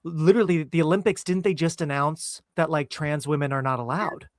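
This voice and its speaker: A man's voice: fairly high pitch, fairly even intonation, fairly quick, no room sound, clean studio sound. A man hosting a podcast in casual chat, chatty and often acting out film lines. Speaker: podcast host.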